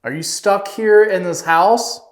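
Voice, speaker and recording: A man on a ghost hunt, gently and politely coaxing a spirit with questions, recorded in an office of an old house. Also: sits high, measured pace. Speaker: paranormal investigator. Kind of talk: ghost-hunting session talk.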